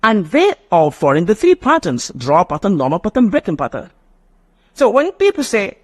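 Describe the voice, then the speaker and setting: A man's voice: a little high, very animated, brisk. A man with a Nigerian English accent teaching a live online phonetics class, rambling and often restarting his phrases.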